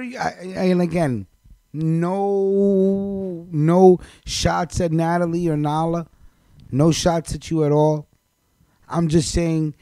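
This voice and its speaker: A man's voice: on the high side, dark tone, no room sound. A man hosting a live show, scolding someone directly in a blunt, profane rant. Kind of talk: ranting monologue on a live stream.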